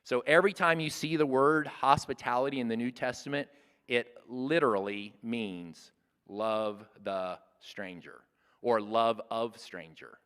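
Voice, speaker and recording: In a hall with long reverb, a sixty-something man teaches at a church workshop, earnest and conversational, often starting his phrases over. He speaks at a measured pace in a mid-range voice that's clean and slightly bright.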